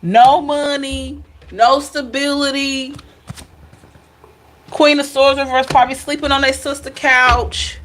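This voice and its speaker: A woman's voice: high voice, little pitch movement, measured pace, long pauses, a bit bright, slight background noise. A woman giving a casual tarot reading, chatty, blunt and playful, speaking straight to her viewers. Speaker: tarot reader.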